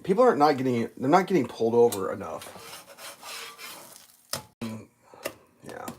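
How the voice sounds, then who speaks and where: Unhurried and mid-range, this voice tells traffic stories on a live stream as a rambling, cursing rant. "Like" comes up again and again, and the animated delivery breaks into loud bursts impersonating other drivers.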